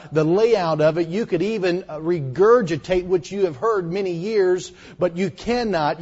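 High-voiced male preacher, dull recording. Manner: dramatic, drops to hushed tones when retelling confessions. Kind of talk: sermon to teenagers.

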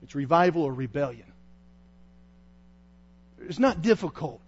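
Male evangelist, high voice, fervent pulpit delivery with bursts of shouting; muffled lo-fi audio. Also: animated, a little slow, breathy edge. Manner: impassioned, rising to shouts. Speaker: traveling evangelist preacher. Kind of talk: sermon.

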